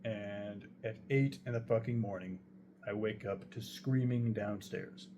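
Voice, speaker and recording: Over background noise, a young man tells a true story in a casual, rambling way, his voice on the low side and his pace measured. His telling is profane, packed with heavy swearing.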